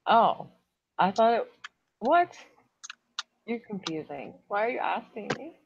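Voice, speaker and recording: A woman's voice: medium pitch, very animated, takes it slowly, gravelly, highs cut off, a little hiss or hum. A woman chatting as a guest, dry and matter-of-fact. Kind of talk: casual chat.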